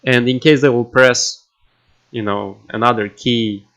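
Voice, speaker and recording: A man at his computer walking through a coding tutorial, halting and filling pauses with "you know" and "um". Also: mid-range voice, steady tone, a bit bright. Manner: halting, with many fillers and restarts. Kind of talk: casual screen-recorded coding tutorial. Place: at a computer indoors. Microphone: desktop microphone. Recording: dull lo-fi desk mic.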